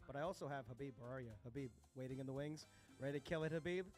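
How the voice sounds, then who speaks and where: A man's voice: medium pitch, racing, darkish tone, faint music behind. A man hosting a live open mic, cheering on the performers and calling up the next act. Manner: hyped, cheering.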